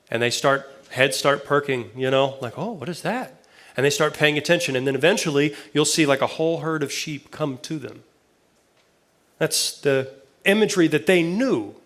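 A man's voice: fairly high pitch, a bit bright. A man preaching a conversational sermon, reading Bible verses aloud with casual asides and questions to his listeners. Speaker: pastor.

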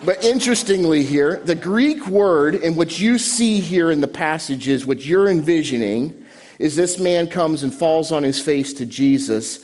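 A man preaching a sermon from a church stage, animated, with dramatic pauses and quiet emotional drops. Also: on the high side. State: choked up. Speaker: pastor.

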